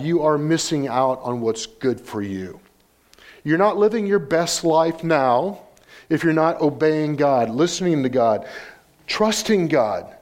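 An older pastor preaches a sermon, reading Scripture aloud with rising emphasis and hammering his points home through rhetorical questions and repeated phrases. His voice is fairly high-pitched with a darkish tone.

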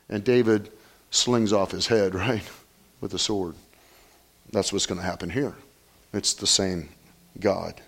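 A man, a pastor, preaching an earnest sermon, praying and then reading scripture aloud with animated storytelling. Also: fairly low pitch, moderate pace.

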